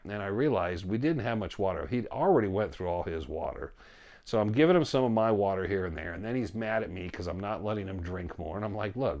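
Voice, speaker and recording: A man casually telling a story about a hike, animated, often quoting himself and his friend and laughing as he goes. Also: fairly low pitch. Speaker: storyteller guest.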